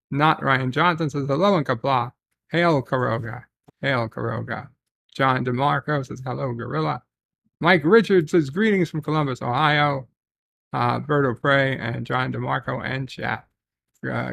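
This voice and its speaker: A man with a gravelly voice hosts a casual livestream, telling rambling stories and reading out viewer messages with plenty of ums. His pitch is mid-range, and the sound is dry and close to the mic. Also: fairly bright tone, dry recording. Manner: rambling, reads chat messages aloud with filler ums. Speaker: livestream host.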